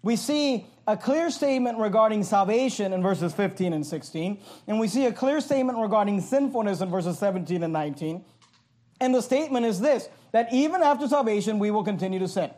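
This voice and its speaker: A pastor preaching an emphatic sermon, reading verses aloud and explaining them line by line. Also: male voice, high-pitched, animated, fairly quick, darkish tone.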